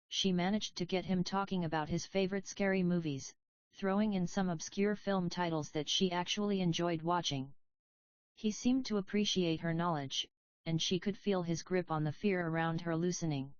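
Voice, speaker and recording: A woman reading fan fiction aloud in steady scripted narration, on a dull, dry lo-fi recording. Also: on the low side, moderate pace, no room sound. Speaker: reader.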